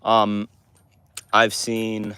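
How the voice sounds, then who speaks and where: A man's voice: on the low side, completely flat delivery, very slow, bright, forceful tone, clean tone, no room sound. A teenage boy from Montana chatting casually with his livestream viewers, rambling through restarts and fillers. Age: teens. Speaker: livestream host answering chat.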